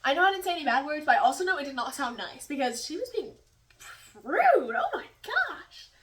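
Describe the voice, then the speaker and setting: Young woman, high voice, chatty and giggly, filming in her kitchen from a distance. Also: animated, racing, a bit bright, echoey room. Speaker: vlogger. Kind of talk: casual storytelling while cooking. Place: home kitchen.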